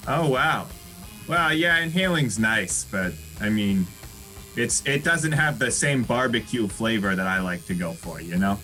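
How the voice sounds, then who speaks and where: A man with a bright, clear-toned voice improvising as an easygoing tattoo artist. He agrees readily and fills gaps with "yeah" and "you know". Faint music runs underneath. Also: lowish voice, expressive, unhurried, rough recording. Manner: friendly, accommodating, filler-heavy. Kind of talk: improv comedy scene.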